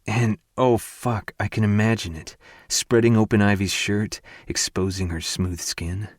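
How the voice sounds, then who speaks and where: A man narrating a first-person romance audiobook in an intimate, hushed and breathy way. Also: on the low side, steady tone, a little slow, no room sound, clean studio sound.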